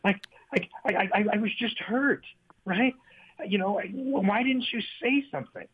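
Man putting on a wounded young woman, higher voice, pleading, tinny phone sound. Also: unhurried, husky. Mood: hurt. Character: hurt young woman confronting her boyfriend.

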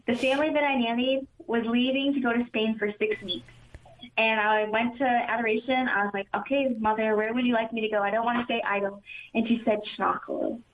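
An earnest young woman tells her faith testimony quickly, her voice sitting a little high. The sound is thin and tinny, as if heard over a phone. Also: fairly even intonation. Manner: earnest, quick, often says "super" and "like". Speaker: community member giving testimony.

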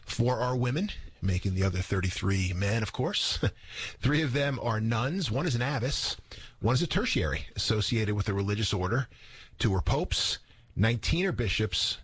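A man with a slightly low, husky voice explains a saint's life in an even, informative way. His voice is recorded dry and close in a studio. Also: dry recording. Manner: informative, measured storytelling. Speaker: radio guest on saints. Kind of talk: radio segment on a saint.

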